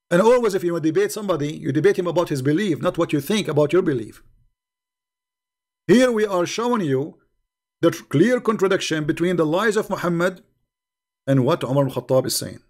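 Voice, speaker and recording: This middle-aged debate host on a livestream speaks briskly and expressively in a higher voice, pausing often. Combative and mocking, he repeats points to hammer them home in his polemical commentary.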